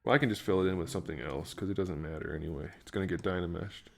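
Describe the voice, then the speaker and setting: Deep-voiced and rapid-fire with vocal fry, a man works on a toy figure during a live stream. His casual chat is mostly muttered thinking aloud, peppered with jokes for viewers.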